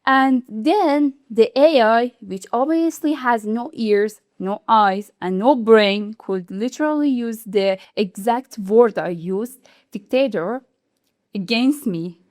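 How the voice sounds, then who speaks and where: Animated woman host, fairly high voice. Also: takes it slowly, no echo, studio quality. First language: not English. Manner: animated, indignant explaining with laughs. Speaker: YouTube channel host. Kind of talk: video commentary.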